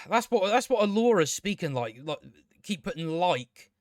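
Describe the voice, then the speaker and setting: A man's voice: high-pitched, very animated, a little slow, dry recording, clean studio sound. A man casually reviewing a show, exasperated and sweary, rambling with many restarts.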